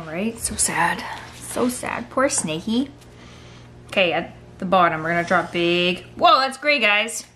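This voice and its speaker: A woman's voice: medium pitch, bright, forceful tone, slight background noise. A woman running a playful kids' drawing tutorial, telling a story and guiding each step. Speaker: art teacher for kids.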